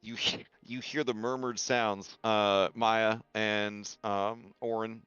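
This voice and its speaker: A man's voice: lowish voice, little pitch movement, slow, fairly bright tone, clear, resonant tone, no room sound, highs cut off. A man running a tabletop game as game master, narrating scenes and slipping playfully into character voices.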